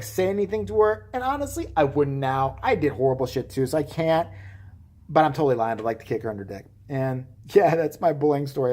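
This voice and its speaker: A man telling a story straight to camera in a lively, swooping voice. He is crude and blunt, cracks jokes throughout, and jumps into the voices of the people in his story. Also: fairly high pitch. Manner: profane, blunt and joking; acts out quoted voices while telling. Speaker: vlogger. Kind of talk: casual storytelling.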